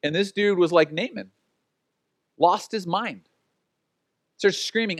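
Conversational preaching man, high voice. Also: lively intonation, moderate pace, long pauses, dry recording. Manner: conversational preaching with acted-out quotes and laughs. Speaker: pastor. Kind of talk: sermon.

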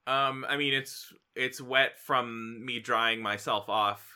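A man's voice: medium pitch, steady tone, takes it slowly, sharp tone, clear, resonant tone. A man playing a tabletop game, casual and playful, often laughing. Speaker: player.

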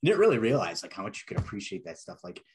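A chatty man from Wisconsin hosts a casual podcast interview in a husky, breathy voice. He sits a bit low in pitch and rambles along with an easy, jokey manner. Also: big pitch swings, rapid-fire, darkish tone. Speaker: podcast host.

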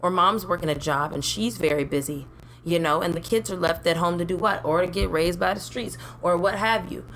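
Young woman podcast co-host, low voice, blunt and profane, faint noise behind. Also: fairly quick, a bit bright. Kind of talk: casual chat.

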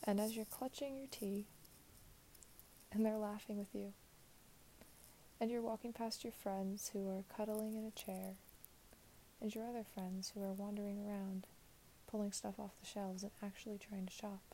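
Young woman, mellow tone, reflective monologue slipping into whispers. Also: medium pitch, flat delivery, normal speed, pauses often, a little hiss or hum. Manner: soft, drifting in and out of whisper.

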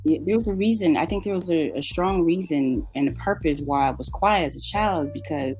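Deep-voiced reflective woman. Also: a little mellow, soft background music, low-quality recording. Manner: thoughtful, halting with fillers. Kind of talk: casual reflective chat.

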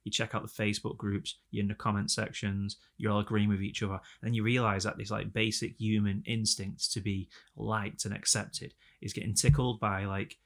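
A young man rambles through a casual podcast chat, swearing freely and getting animated. His voice sits low with a gravelly edge. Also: brisk, few pauses. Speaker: podcast co-host.

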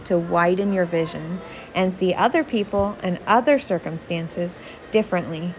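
A woman's voice: mid-range voice, a little mellow, slight background noise, low-quality recording. Earnest woman podcast host. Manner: earnest, encouraging, direct address to listener. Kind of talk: motivational podcast monologue.

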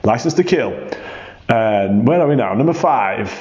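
A man's voice: medium pitch, lively intonation, moderate pace, a little mellow, echoey room, highs cut off. A man reading out jury votes in a jokey way, half-singing the song titles, on a home recording. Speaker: jury member sending in votes. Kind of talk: recorded vote announcement.

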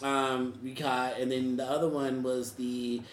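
A man's voice: mid-range voice, little pitch movement, unhurried, roomy sound. A man telling a casual, funny personal story, often laughing as he talks. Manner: laughs through his telling, loose casual speech. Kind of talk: casual anecdote.

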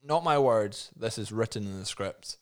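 A male podcast co-host in casual comedic chat, laughing and animated as he recaps. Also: fairly low pitch, moderate pace.

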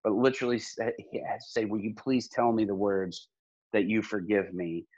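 A man's voice: lowish voice, normal speed, a little mellow, muffled recording. A middle-aged man, a pastor and podcast guest, talking earnestly in casual conversation, with many restarts.

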